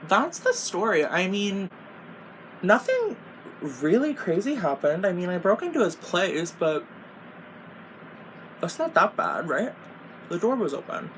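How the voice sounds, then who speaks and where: With a lowish voice, huge pitch swings and an unhurried delivery full of long pauses, a young beauty vlogger talks through a storytime as she applies her makeup. Her tone is casual, exasperated and profane, she rambles, and "like" comes up constantly; slight background noise is audible.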